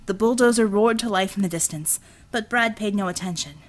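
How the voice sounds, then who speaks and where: A woman narrating an audiobook in an expressive, animated storytelling manner. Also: medium pitch, a little fast.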